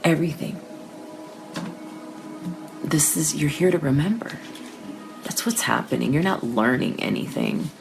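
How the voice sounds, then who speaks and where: A woman hosting a live psychic reading session, talking casually and emotionally to her viewers, tearful, with soft laughs and restarts. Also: low-pitched, lively intonation, unhurried, vocal fry, long pauses, music in the background.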